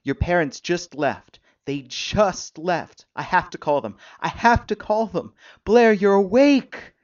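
A man's voice: fairly high pitch, lively intonation, measured pace. A man reading the lines of an anxious young man at a bedside, eager and pleading, on a dull, dry recording.

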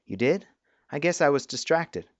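A man voicing a smooth, pleasant young man made of mosaic pieces in a storybook reading. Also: a little high, lively intonation, moderate pace, no echo, lo-fi sound, pitched above the performer's own voice.

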